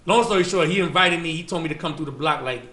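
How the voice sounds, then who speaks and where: Fast, pushed, and bright, this fairly high voice comes from a Bronx guest with a New York accent telling loose, slangy stories crowded with fillers. The casual interview is captured in an echoey room where faint ambient noise can be heard.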